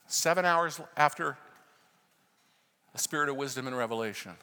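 An American man preaching a sermon, telling a story with passion and moving between loud fervent prayer and hushed narration. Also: medium pitch, normal speed, clean tone. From United States. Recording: reverberant hall.

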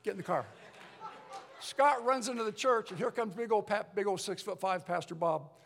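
An older man, a pastor, telling his story in a sermon, lively, with many restarts and acted-out voices. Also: high-pitched, brisk, vocal fry. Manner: animated storyteller, acts out voices, rambling restarts. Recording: long hall reverb.

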